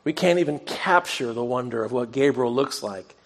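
A man preaching in a relaxed, conversational storytelling way, at an ordinary middle pitch for a man. He stays earnest and personal, and he pokes fun at himself now and then. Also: normal speed. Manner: self-deprecating humor. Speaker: pastor. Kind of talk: sermon.

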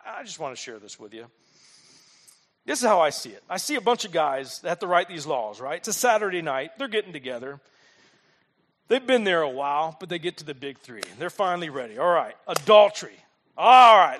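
A male pastor preaching with a high, very lively voice. He tells stories with humor and keeps checking in with rhetorical questions. His pitch swings widely from line to line. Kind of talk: sermon.

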